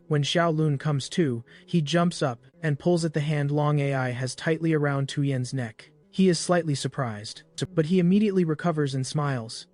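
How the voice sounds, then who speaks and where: A man narrating a comic recap in a brisk storytelling voice with small slips. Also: fairly high pitch, darkish tone, faint music behind.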